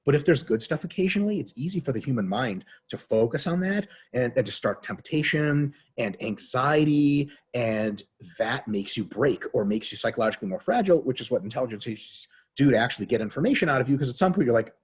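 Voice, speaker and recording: Man, husky voice, podcast guest, swears a lot, rambling, acts out quotes. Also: mid-range voice, lively intonation, fairly quick. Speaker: podcast guest, fitness scientist. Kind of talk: casual interview talk.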